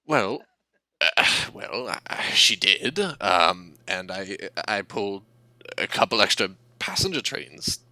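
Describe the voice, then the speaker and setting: A man voicing a proud male steam engine who talks in a halting, grudging way. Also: on the low side, animated, pushed and bright, dry recording, full character voice. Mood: flustered.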